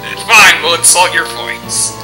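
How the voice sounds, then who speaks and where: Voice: mid-range voice, fairly even intonation, unhurried, loud music behind the voice, rough recording. A let's play commentator joking and teasing through casual gameplay commentary with friends.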